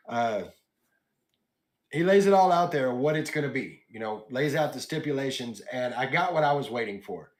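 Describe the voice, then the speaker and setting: A man hosting a wrestling podcast, recapping matches in relaxed, casual chat with quoted lines and asides. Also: medium pitch, unhurried. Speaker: podcast host.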